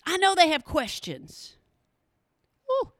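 Lively high-voiced woman host. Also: slow, dry recording, clean studio sound. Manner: animated, talks to listeners directly, exclamations. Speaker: podcast host. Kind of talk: casual storytelling monologue.

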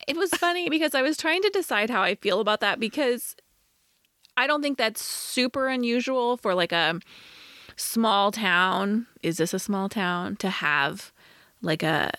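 A woman's voice: on the high side, expressive, unhurried, fairly bright tone, no echo, clean studio sound. A woman co-hosting a podcast in casual chat, wry and conversational, often laughing mid-sentence. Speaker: podcast co-host reviewing a TV movie.

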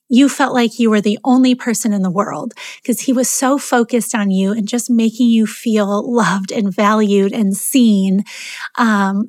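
A woman hosts a faith podcast in a slightly high voice, speaking earnestly with frequent ums and pauses. She is recorded close and dry, with no room sound around her. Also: dry recording. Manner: earnest, many ums, gets emotional. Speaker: podcast host.

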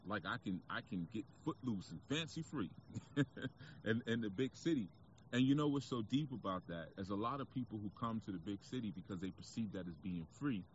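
A man's voice: medium pitch, dull audio, a little hiss or hum. A man with a New York accent giving a casual spiritual talk to camera outdoors, reflective and preachy, with frequent fillers. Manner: reflective, preachy, conversational, with frequent "you know". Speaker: spiritual speaker.

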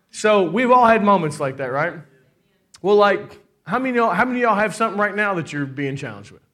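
A middle-aged man, a pastor, preaching a lively sermon and calling out to the congregation for amens. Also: fairly high pitch. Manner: preaching with call-and-response and laughter.

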